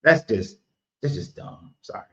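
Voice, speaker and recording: A man hosting a show, arguing bluntly and sarcastically in a heated debate. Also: measured pace. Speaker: host. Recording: roomy, dull sound.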